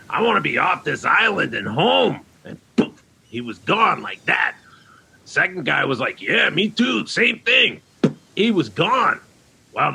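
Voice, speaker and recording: A man's voice: fairly high pitch, full character voice. A man playing Frank, a cheerful, lonely castaway stranded on an island, who talks to kids in a chummy way and says "yous". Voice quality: gravelly, rough and bright. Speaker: children's program character. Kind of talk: kids' ministry skit monologue.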